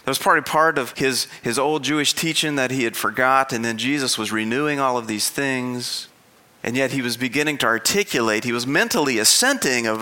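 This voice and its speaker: A man's voice: mid-range voice, brisk, sharp tone. A man preaching as a pastor, in an earnest, conversational sermon style with frequent restarts.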